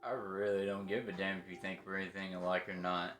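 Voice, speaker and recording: Gruff cursing man in a roomy space. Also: low voice, little pitch movement, fast, a bit bright. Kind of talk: casual chat. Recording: roomy echo with faint music.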